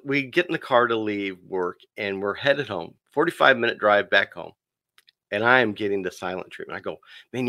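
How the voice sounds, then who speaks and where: Animated man telling stories, bright tone. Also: medium pitch, gravelly, no echo. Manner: animated storyteller acting out dialogue; addresses listener as "dude". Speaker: podcast guest. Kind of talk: casual podcast storytelling.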